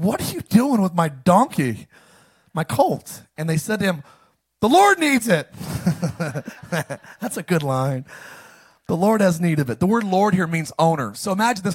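A man preaching a sermon as pastor, reading scripture and calling the congregation to repeat after him, with sudden loud, animated bursts. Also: on the high side, breathy edge. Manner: call-and-response, animated with sudden loud lines.

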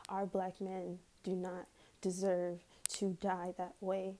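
A woman's voice: fairly low pitch, completely flat delivery, slow, warm tone, slight background noise. A woman ranting heatedly in a casual vlog, swearing often and breaking into nervous laughs.

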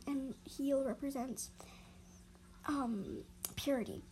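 A woman's voice: a little high, normal speed, a little mellow, slight background noise, rough recording. A woman telling an improvised story about animals, hesitant and full of fillers and self-corrections.

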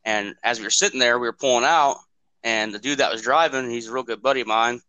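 A quick, bright-voiced man telling a story on a podcast, swearing freely and rambling as he acts out the other people's lines. His voice is dry and close, with no room around it. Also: medium pitch, smooth, no room sound, poor audio. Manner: profane, rambling, acts out quotes. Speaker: podcast co-host. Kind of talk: casual storytelling.

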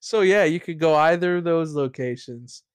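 A man with a voice on the high side casually recaps last session of a tabletop game, rambling and swearing, with plenty of restarts and laughter. He speaks at normal speed, and the tone is clean with no room sound.

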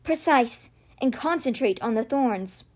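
A woman voicing a weak, injured older woman who speaks in a faint, rasping whisper. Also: on the high side, expressive, measured pace, darkish tone. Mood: strained.

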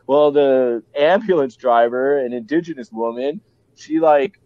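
A man's voice: medium pitch, a little slow, no room sound, highs cut off. A man with a Canadian accent, a podcast guest telling his story bluntly and candidly, swearing freely and restarting often.

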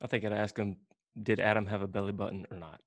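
A man hosting a casual church interview, asking rapid-fire questions with a joking manner and frequent laughs. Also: fairly low pitch, flat delivery, dry recording, clean studio sound. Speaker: church podcast host.

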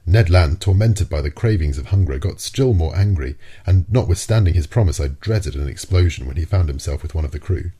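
Deep, dark-voiced male audiobook narrator. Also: expressive, a little fast, few pauses, slightly rough. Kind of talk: scripted narration.

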